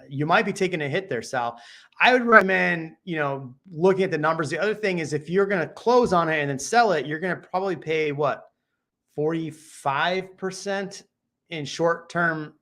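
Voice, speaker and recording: A man's voice: fairly high pitch, fairly bright tone. Easygoing joking male real estate host. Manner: laid-back, joking, thinks aloud with frequent restarts. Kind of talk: casual chat giving real estate advice.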